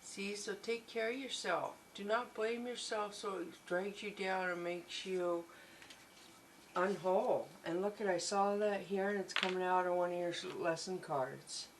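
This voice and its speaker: A woman's voice: mid-range voice, fairly even intonation, measured pace, slight background noise, rough recording. A woman giving a tarot reading, gushing and reassuring, often repeating her encouragements. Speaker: tarot reader.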